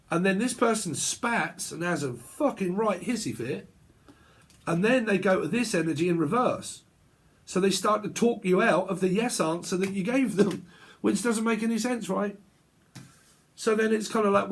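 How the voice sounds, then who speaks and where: A man's voice: sits high, moderate pace, husky. A man giving a casual tarot reading, ranting and swearing as he acts out both sides of an argument. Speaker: tarot reader.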